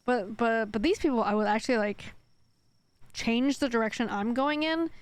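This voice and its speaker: Rambling woman streamer, slightly high voice. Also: moderate pace, clear, resonant tone. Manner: rambling, heavy with "like" fillers; reads chat aloud and answers it. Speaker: game streamer. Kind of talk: casual live-stream chat while gaming.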